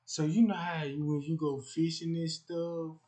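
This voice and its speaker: Young male streamer, raised pitch, rambling crude boastful rant on a phone mic. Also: little pitch movement, normal speed, dark tone. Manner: rambling and boastful, with frequent "you know what I'm talking about". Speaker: livestreamer. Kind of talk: crude comic livestream rant.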